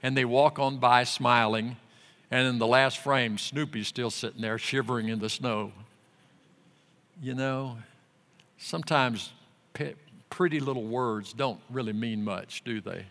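A male pastor preaching a sermon, reading scripture slowly and with emphasis. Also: medium pitch, a bit bright. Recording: long hall reverb.

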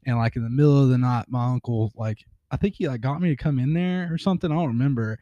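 A man's voice: medium pitch, fast talker, dark tone, dry recording, highs cut off. A man telling stories casually on a podcast, rambling with lots of fillers. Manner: rambling, filler-heavy storytelling. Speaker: podcast co-host. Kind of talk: casual chat.

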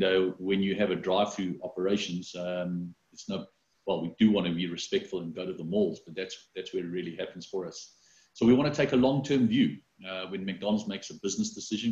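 A man with a very low, flat voice talks haltingly, full of fillers and restarts, as an interviewee. He comes through a video call that sounds roomy and dull. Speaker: company executive interviewed.

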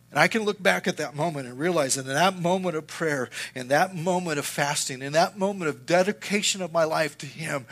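Earnest bright-voiced middle-aged male pastor. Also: on the high side, brisk, few pauses. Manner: earnest, swings from loud to hushed. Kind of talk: sermon with personal story.

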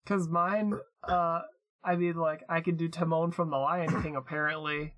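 A man's voice: a little high, little pitch movement, normal speed, a bit bright. A man co-hosting a podcast, chatting casually and playfully, spinning absurd ideas and laughing at his own jokes. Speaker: podcast co-host. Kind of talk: casual chat.

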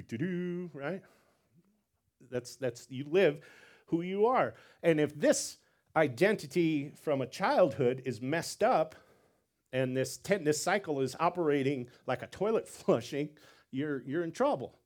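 A man preaching a sermon as pastor, animated, repeating words and acting out quotes. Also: a little high, unhurried.

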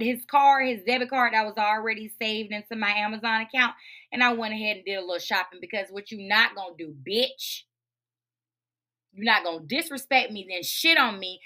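A woman's voice: medium pitch, brisk, sharp tone. A woman hosting her own podcast, telling a story in a blunt, profane, fired-up rant with speech patterns. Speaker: podcast host.

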